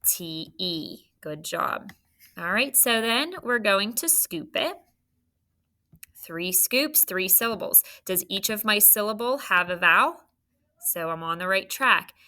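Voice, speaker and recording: A woman's voice: mid-range voice, lively intonation, slow pace, pushed and bright. A woman teaching a phonics lesson to young children, patient and encouraging as she sounds out letters and syllables. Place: classroom.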